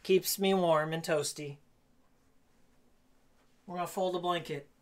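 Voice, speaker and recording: A man live-streaming casually while he cleans his game room, hoarse and losing his voice, jokey and rambling, repeating his own lines. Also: high voice, steady tone, measured pace. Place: game room at home, indoors.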